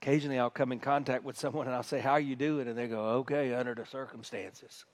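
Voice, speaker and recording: A male pastor preaching a sermon, animated, swinging between quiet, intimate passages and loud, excited ones. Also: mid-range voice, racing.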